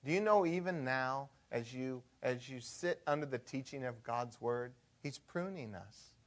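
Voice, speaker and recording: A man preaching a sermon as pastor, shifting from hushed and conversational to loud and emphatic. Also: medium pitch, lively intonation, measured pace.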